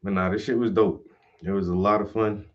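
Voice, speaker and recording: A man's voice: on the low side, fairly even intonation, a little fast. A man who hosts his own channel as a painter, telling a story in casual, slangy, profane vlog style. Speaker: painter and host. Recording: slightly muffled lo-fi audio.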